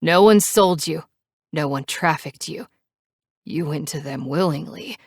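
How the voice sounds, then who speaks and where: Woman reading an anguished shouting biker man. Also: deep voice, unhurried, slightly rough, no echo, clean studio sound, full character voice. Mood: accusing. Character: angry grieving male biker, young adult. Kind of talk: audiobook character reading.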